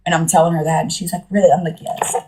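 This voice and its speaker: Low-voiced girl on a phone live, rambling slangy storytime, doing everybody's voices. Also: flat delivery, fast talker, warm tone, husky. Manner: chatty and rambling, slangy, acts out quoted voices. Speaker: live streamer. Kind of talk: casual storytelling to a live-stream audience.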